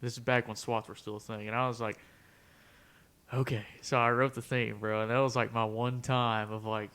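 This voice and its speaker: A young podcast co-host tells a long story in casual conversation, acting out the quotes and saying "bro" and "dude" a lot. His mid-range voice is clear, resonant and fairly bright, with little pitch movement and a moderate pace.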